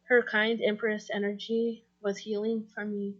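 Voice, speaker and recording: A woman giving a memorial tribute over a video call, speaking gently with pauses and restarts. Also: medium pitch, level tone, muffled recording. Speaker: mourner giving a eulogy.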